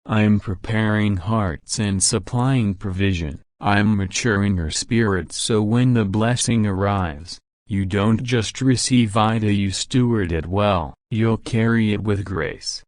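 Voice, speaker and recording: A man voicing God, slow and solemn. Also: fairly low pitch, no echo, studio quality. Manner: slow, measured, reassuring. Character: God speaking to his child, calm and solemn. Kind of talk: scripted devotional narration.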